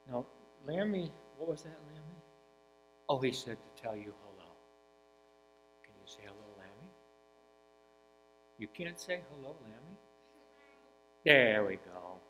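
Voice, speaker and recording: A man's voice: mid-range voice, sing-song, unhurried, long pauses, bright, forceful tone, slight background noise, rough recording. An older man leading a children's sermon in church, playfully coaxing the kids and chatting with a puppet. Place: church sanctuary.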